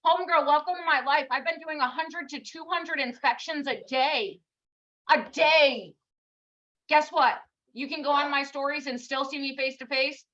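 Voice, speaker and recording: In a casual motivational livestream, a blunt, high-voiced team leader calls out her team with a bright, forceful tone over lo-fi sound. She scolds with rapid-fire rhetorical questions, swears casually, and pokes fun at herself.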